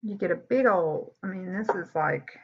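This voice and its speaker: A woman's voice: on the low side, normal speed, breathy edge. A woman, chatting candidly through a makeup tutorial as a beauty vlogger. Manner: chatty, candid, says y'all a lot. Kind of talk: casual makeup tutorial chat. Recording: dull lo-fi sound.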